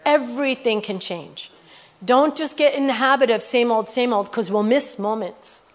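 Earnest woman preaching in a higher voice. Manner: earnest, peppers talk with "you know" and "okay?"; reads scripture quickly. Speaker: missionary speaker. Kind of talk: conversational sermon with testimony.

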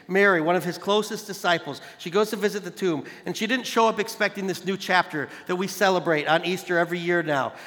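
At an evening service in a large hall, a man with a high, fairly bright voice preaches conversationally. He addresses the crowd as "you guys" and builds emphasis by repeating phrases.

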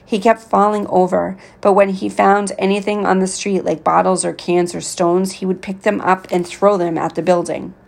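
Gravelly woman reading a novel. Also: medium pitch, level tone, moderate pace, few pauses. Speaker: reader.

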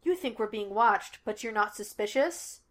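A woman's voice: medium pitch, expressive, normal speed, a bit bright. A woman voicing a playful young male detective who talks in a teasing, breezy way, in a read-aloud story.

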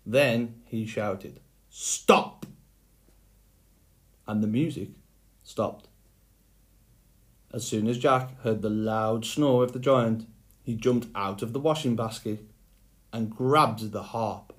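Slow, low-voiced male storyteller. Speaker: storybook reader. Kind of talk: scripted fairy tale narration.

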